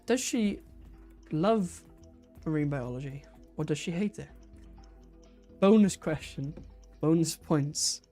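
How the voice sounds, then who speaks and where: Low-voiced woman hosting a chatty livestream. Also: lively intonation, slow pace, pauses often, dark tone, faint music behind. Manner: chatty, giggly, trips over words. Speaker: livestream host running a quiz. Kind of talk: casual live-stream chat.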